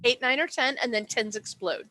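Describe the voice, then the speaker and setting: A woman's voice: fairly high pitch, normal speed, sharp tone, no echo. A woman acting as game master, explaining dice rules and describing the setting in a chatty way, with many fillers and self-corrections.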